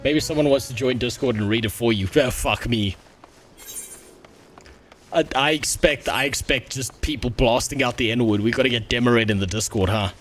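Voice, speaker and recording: A man's voice: mid-range voice, normal speed, fairly bright tone, faint music behind. Foul-mouthed grumbling male streamer. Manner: crude, swearing, grumbling to himself. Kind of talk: casual gameplay commentary. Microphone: headset.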